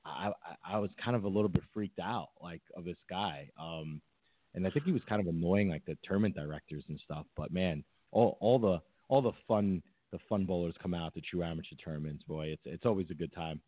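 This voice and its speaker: A man's voice: low-pitched, brisk, no echo. A man co-hosting a podcast, telling a rambling story in casual chat with many fillers and restarts. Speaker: podcast co-host. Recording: tinny phone-like line, dry.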